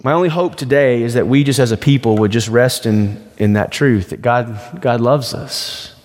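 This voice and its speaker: A man's voice: medium pitch, normal speed, a little mellow, long reverb tail. A man preaching a sermon as pastor, in a conversational storytelling way.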